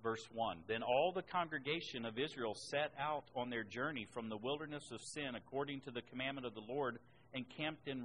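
A man preaching a sermon at a middle pitch, reading scripture aloud between his own points. He presses hard on key words, lifting his voice high and loud before dropping back. A faint hiss sits under the recording. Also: rough recording. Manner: emphatic, rises in pitch and volume on key words.

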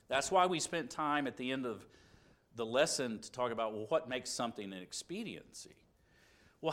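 A man teaches a Bible class in an earnest, reasoning tone, leaning on rhetorical questions. His voice sits in a middle pitch but moves around a lot. He sounds like a preacher working through a point step by step. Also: a bit bright.

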